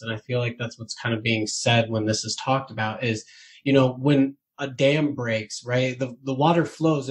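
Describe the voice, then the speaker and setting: A man in a casual group discussion, reflective, explaining his thoughts through examples. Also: medium pitch. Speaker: group member.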